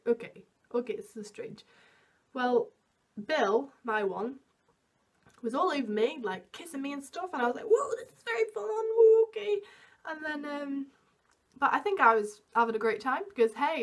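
A young woman telling a storytime to camera in a chatty, self-mocking way, full of "like" fillers and acted-out quotes. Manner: acts out quotes with big jumps in pitch. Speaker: vlogger.

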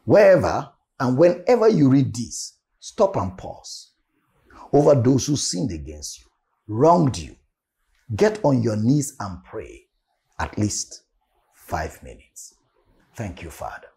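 A man's voice: mid-range voice, big pitch swings, takes it slowly, vocal fry, mellow. A male pastor giving a devotional sermon, emphatic and repeating key phrases for weight.

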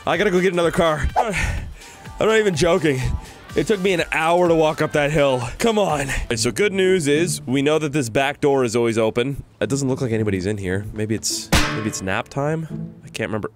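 A man hosting a game role-play video, excitable and jokey, yelping and gasping as he plays. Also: a little high, fairly quick, faint music behind. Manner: excitable, yelps and gasps, jokey. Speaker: gaming channel host.

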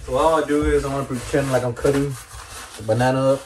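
A man's voice: medium pitch, fairly even intonation, racing, darkish tone, slight background noise, poor audio. A young man casually vlogging at home on a phone, hyped and playful, chatting to his dog. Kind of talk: casual vlog. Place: at home, indoors.

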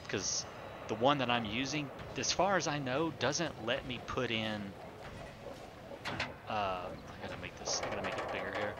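A man's voice: lowish voice, very noisy. A man streaming a city-building game, thinking aloud in a rambling casual way and chatting with viewers as he plays. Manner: thinks aloud, rambling with fillers and self-corrections; chats with viewers while playing. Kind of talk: casual live-stream commentary.

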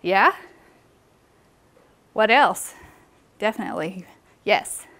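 A woman's voice: mid-range voice, animated, takes it slowly, a bit bright. A woman presenting a live workshop in a meeting room, engaging the audience with questions.

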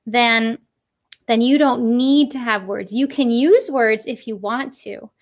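Woman puppetry teacher, guest in a casual chat, explains step by step, slightly high voice. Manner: explanatory, demonstrates with quick voices. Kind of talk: casual interview talk.

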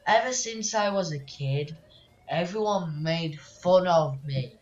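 A woman voicing a lonely, remorseful man who hijacked a plane, reading his lines slowly and haltingly. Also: lowish voice, lively intonation, a little mellow. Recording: dull, roomy, distant mic.

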